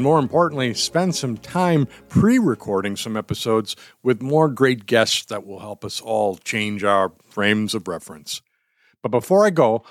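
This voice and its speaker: A man's voice: mid-range voice, no room sound. American man, 60s, podcast host, chatty and self-mocking, dry close mic. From United States. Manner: chatty, self-deprecating, laughs often. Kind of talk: podcast monologue and casual chat.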